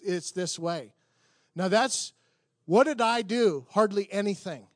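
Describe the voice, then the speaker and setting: A man preaching a sermon, telling a story in a conversational, halting way with restarts and rising to emphatic peaks. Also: high voice, dry recording, studio quality.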